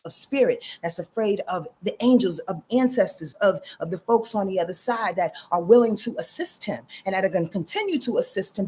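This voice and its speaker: A woman's voice: lowish voice, a little mellow, husky. A woman astrologer giving casual live readings, talking straight to her viewers with lots of "y'all" and "you dig?".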